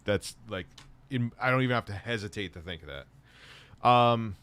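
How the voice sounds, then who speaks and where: A man's voice: fairly low pitch, lively intonation, moderate pace, fairly bright tone, clear, resonant tone, no room sound. A middle-aged man live streaming, rambling casually and swearing while he reads chat and shops online.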